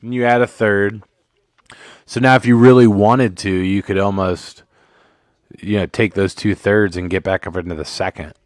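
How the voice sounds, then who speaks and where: A man's voice: lowish voice, steady tone, normal speed, no room sound, studio quality. A man hosting a casual live sports commentary stream, joking and swearing as he rambles, a bit tipsy from drinks. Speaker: livestream host.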